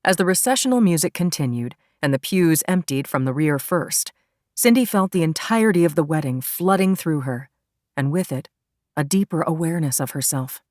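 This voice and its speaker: Low-voiced woman narrating a thriller. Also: expressive, moderate pace, darkish tone, no room sound, clean studio sound. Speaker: audiobook narrator. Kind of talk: scripted narration.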